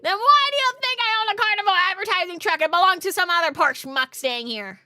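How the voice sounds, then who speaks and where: A woman voicing a gruff, complaining clerk in a video game, in a raised, higher voice. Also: animated, moderate pace, sharp tone. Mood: irritated.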